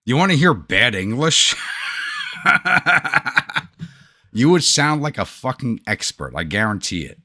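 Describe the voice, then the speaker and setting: This middle-aged American man with a New York accent hosts a gaming livestream, chatting bluntly and profanely with viewers. His mid-range voice is sing-song and sharp, moving at normal speed with hardly any pauses.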